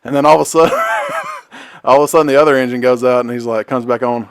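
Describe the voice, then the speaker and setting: A man's voice: mid-range voice, fast talker, clear, resonant tone, dry recording, clean studio sound. A man co-hosting a podcast, chatting casually and animatedly retelling a comedy sketch through laughter. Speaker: podcast co-host. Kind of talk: casual chat.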